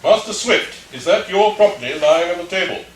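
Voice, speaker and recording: An actor at a table read, playing a stern judge who questions witnesses formally. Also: male voice, sits high, animated, moderate pace. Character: stern male judge passing sentence. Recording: echoey room, mic far off, faint noise.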